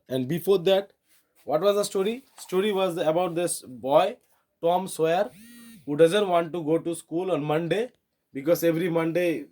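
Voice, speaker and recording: A man with a Bengali accent teaching an English lesson, reading a story aloud and pausing to explain words, with frequent restarts. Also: on the high side, darkish tone. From India.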